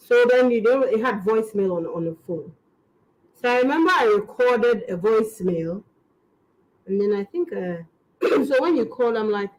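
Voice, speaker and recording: A woman's voice: medium pitch, low-quality recording. A woman from Ghana with a Ghanaian English accent, chatting casually as a comedian guest in an interview, rambling and laughing through her stories. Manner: animated, rambling, laughing storyteller.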